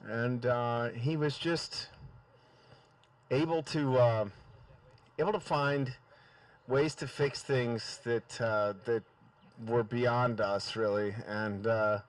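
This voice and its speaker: A man giving a halting, hesitant remembrance at a memorial gathering. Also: medium pitch, fairly even intonation, no echo. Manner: hesitant, many fillers and restarts. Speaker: memorial speaker. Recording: far from the mic.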